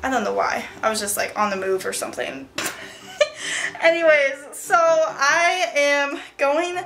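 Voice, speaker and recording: A young woman rambles cheerfully to her camera in her bedroom, her voice sitting a little high. She is slightly out of breath and full of fillers and laughs, with faint music underneath. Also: sing-song, takes it slowly, pushed and bright. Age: young adult. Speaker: vlogger. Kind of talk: chatty vlog.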